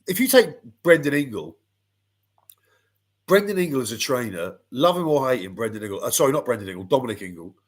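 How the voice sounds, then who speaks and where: Middle-aged guy ranting about boxing, swears a lot, blunt, mid-pitched voice. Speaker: boxing pundit. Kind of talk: casual panel chat.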